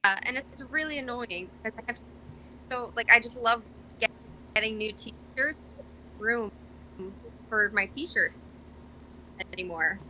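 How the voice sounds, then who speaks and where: A woman's voice: on the high side, takes it slowly, long pauses, pushed and bright, a little hiss or hum, low-quality recording. A young woman guest on a podcast, chatting casually and rambling with lots of fillers and self-deprecating asides. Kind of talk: casual chat.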